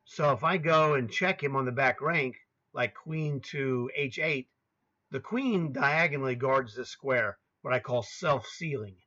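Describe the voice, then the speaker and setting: Unhurried and forceful, this man speaks at medium pitch with a bright tone through dull audio from a laptop. In his sixties, he coaches chess over a screen share, chatting casually, calling out squares, and muttering grumbling asides.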